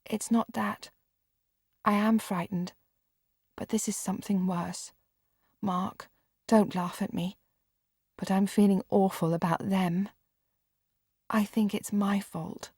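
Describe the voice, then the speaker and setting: A woman's voice: medium pitch, steady tone, takes it slowly, long pauses, a little mellow, slightly rough, no echo, studio quality. A woman reader voicing a frightened, meek young girl who turns apologetic and tearful. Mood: pleading. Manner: anxious, apologetic, tearful at times.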